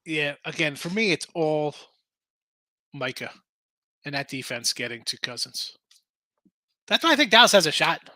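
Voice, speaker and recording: Animated sports betting host, bright voice. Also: male voice, a little high, moderate pace, pauses often, dry recording. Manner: animated, argumentative, reads chat comments aloud. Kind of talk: casual sports betting chat.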